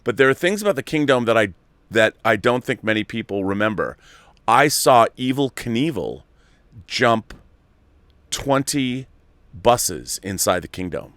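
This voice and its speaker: Smooth-voiced man chatting casually. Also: medium pitch, very animated, unhurried, fairly bright tone, dry recording. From Seattle area. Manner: rambling, nostalgic, restarts often. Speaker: show host reading viewer questions. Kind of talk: casual live-stream chat.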